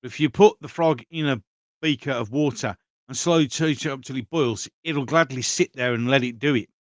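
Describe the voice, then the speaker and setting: A livestream host reads his viewers' chat aloud and responds on the fly, keeping things loose and conversational. His voice sits in the middle range and moves fairly quickly. The studio recording is clean, with no room sound.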